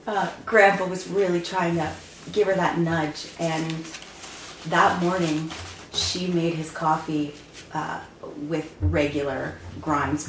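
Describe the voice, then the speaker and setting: A woman's voice: on the low side, slow. A woman from Canada fondly recalling her grandfather, often breaking into laughter. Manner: fond, laughing reminiscence. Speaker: granddaughter sharing memories. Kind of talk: reminiscing chat. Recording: roomy with faint noise.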